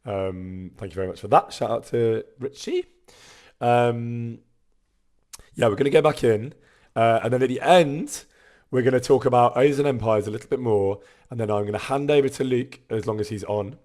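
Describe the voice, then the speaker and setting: A man's voice: medium pitch, moderate pace, a little mellow. A man chatting casually on a live stream, reading out viewer messages and laughing often.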